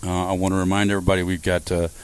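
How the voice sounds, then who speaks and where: Male radio host, very deep and resonant, loose and rambling. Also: flat delivery, rapid-fire, clean tone, dry recording. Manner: rambling, stacked uhs. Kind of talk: pledge drive radio hosting.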